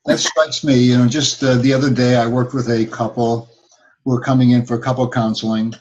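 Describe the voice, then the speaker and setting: A man's voice: mid-range voice, flat delivery, a little fast, lo-fi sound, noisy background. A man who works as a couples counselor, talking things through thoughtfully with many fillers. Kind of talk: advice talk.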